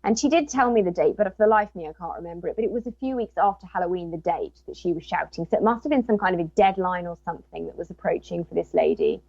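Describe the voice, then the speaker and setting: A woman's voice: on the low side, quick pace, few pauses, dry recording, highs cut off. A woman, a guest and author, telling a personal story in casual talk and acting out what people said. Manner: animated retelling with quoted dialogue.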